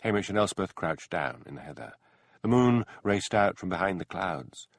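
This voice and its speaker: Gravelly, expressive male audiobook narrator. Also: low voice, normal speed, no room sound. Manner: expressive storytelling with character voices.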